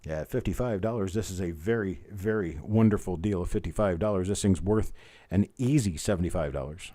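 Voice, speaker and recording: Low, dark-voiced man calling coin auction. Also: a little fast. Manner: repetitive bid calling, friendly asides to bidders. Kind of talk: live online auction calling.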